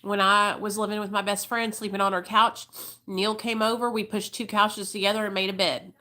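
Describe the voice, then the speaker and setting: Woman, 30s, livestream host; bright, candid, casual storyteller who swears freely. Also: mid-range voice, level tone, moderate pace. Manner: chatty, emotional, swears freely, addresses viewers as y'all.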